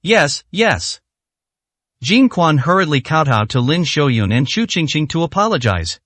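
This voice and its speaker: Male storyteller, slightly high voice, steady scripted narration, dry close recording. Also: normal speed, dry recording.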